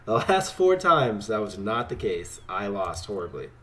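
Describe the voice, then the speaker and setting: Low-voiced man muttering over a card game. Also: unhurried. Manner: talks to opponent, swings between excited and muttering. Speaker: streamer playing a card game. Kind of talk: casual gameplay commentary.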